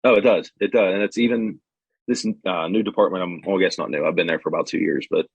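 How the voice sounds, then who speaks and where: A patrol officer on a podcast, talking bluntly and casually, with some swearing. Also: male voice, low voice, steady tone, fast, gravelly, breathy edge, no room sound, highs cut off. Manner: blunt, profane storytelling.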